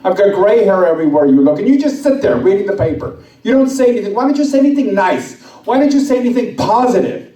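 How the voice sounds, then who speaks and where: A woman's voice: mid-range voice, lively intonation, fast talker, warm tone, voice pushed up, lightly acted. A man voicing an elderly wife nagging her husband for a compliment, heard from far off in an echoey hall. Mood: complaining. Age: older. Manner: pleading, complaining.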